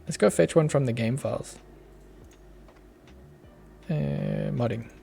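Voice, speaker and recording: Australian dev streamer, young guy, low mellow voice with a gravelly edge, thinks out loud. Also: animated, slow, a little hiss or hum. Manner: muttering to himself while working, chuckling. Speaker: streamer, app developer. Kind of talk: casual live coding stream.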